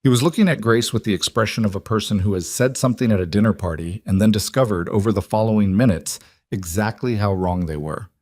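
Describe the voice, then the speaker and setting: Low-voiced man narrating a drama. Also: a little mellow, dry recording, studio quality. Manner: measured, dramatic pauses. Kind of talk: scripted story narration.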